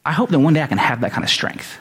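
A man preaching a sermon, telling a story in a conversational, animated way. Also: fairly high pitch, quick pace. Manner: conversational, animated when quoting himself. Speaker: pastor. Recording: long reverb of a large hall.

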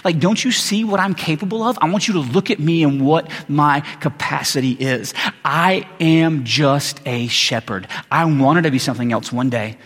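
A man's voice: a little high, normal speed, a bit bright. A man playing a weary old shepherd who doubts himself and complains in casual modern slang, with long hall reverb. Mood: exasperated.

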